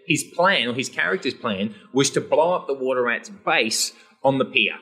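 A middle-aged Australian man, a radio guest, telling stories in casual chat with lively restarts. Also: mid-range voice, moderate pace. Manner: animated storyteller with many restarts.

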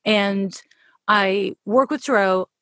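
A woman's voice: medium pitch, takes it slowly, a bit bright, no room sound. Chatty Canadian woman, dry sound. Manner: chatty, laughs often, self-deprecating. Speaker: podcast guest, astrologer. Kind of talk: casual interview chat.

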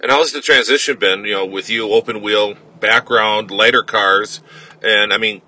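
Wisconsin-accented male host, piercingly bright tone, chatty questions full of fillers. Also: on the low side, steady tone, normal speed, low-quality recording. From Wisconsin, USA. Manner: friendly, rambling questions with fillers. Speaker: podcast host. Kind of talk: casual interview.

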